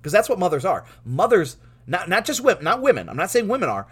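A man teaching through a Bible passage in a lively way, laughing often and restarting his words. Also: high voice, quick pace, breathy edge.

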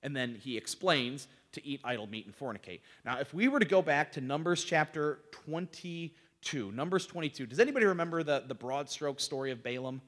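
A man's voice: on the high side, brisk, few pauses. Man teaching a Bible class in an echoing hall. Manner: conversational, asks the group questions, retells scenes with lively voiced quotes.

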